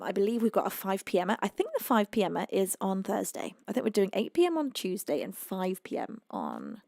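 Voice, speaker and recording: A British woman who sings and hosts a music livestream chats casually with viewers, reading their comments and rambling with ums and restarts, a little out of breath. Her medium-pitched voice is gravelly and darkish, captured in clean, echo-free studio sound.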